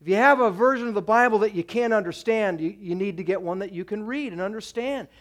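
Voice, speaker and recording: A man's voice: high voice, fast talker. A man preaching a sermon as pastor to his church, direct and exhorting, pressing his points with repeated commands.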